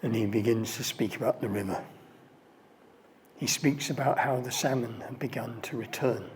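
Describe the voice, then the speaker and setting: An older man tells a story in a relaxed, conversational way, speaking as a mentor. His voice sits in the middle range, with faint ambient noise behind him. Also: mid-range voice, normal speed. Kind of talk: storytelling talk.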